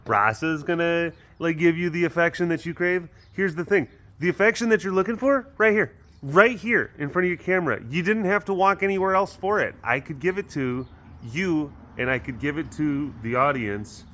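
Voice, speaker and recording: A man's voice: fairly high pitch, lively intonation, moderate pace, fairly bright tone, pitched above the performer's own voice. A man voicing a flirty female lynx who begs for attention, coaxing and teasing in a put-on Russian accent. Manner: coaxing, sing-song, teasing.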